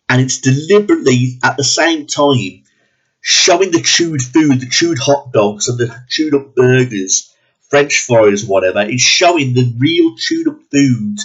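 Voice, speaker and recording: A man's voice: medium pitch, slightly rough. A man ranting bluntly and profanely in a movie review, sounding disgusted and exasperated. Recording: dull lo-fi recording.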